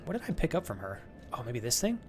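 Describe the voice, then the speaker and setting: A man's voice: mid-range voice, wildly swooping pitch, fast, music in the background. Chatty joking male game streamer. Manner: chatty, joking, reads chat aloud. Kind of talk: live gameplay commentary.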